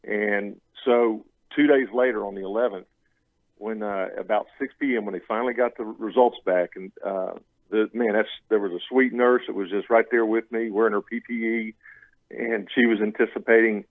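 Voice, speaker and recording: Low-voiced man in his fifties, dry sound. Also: fairly even intonation, moderate pace, no echo, low-quality recording. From Louisiana. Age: 50s. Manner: rambling storyteller with restarts, acts out what others said. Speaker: interview guest. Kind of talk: telling his story in a radio interview.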